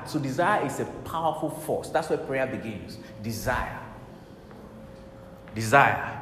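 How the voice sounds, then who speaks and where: A man's voice: medium pitch, sing-song, moderate pace, fairly bright tone, slight background noise. A man preaching a sermon emphatically, repeating key words and quoting scripture. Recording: echoey hall with faint ambience.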